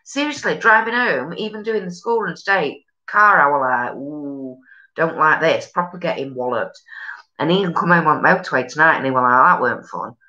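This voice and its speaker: A woman's voice: fairly low pitch, brisk, pushed and bright, muffled recording. A woman with a Yorkshire accent hosting a casual live stream, chatting bluntly and rambling with sweary northern slang. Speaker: live stream host reading viewer comments. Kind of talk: casual chat.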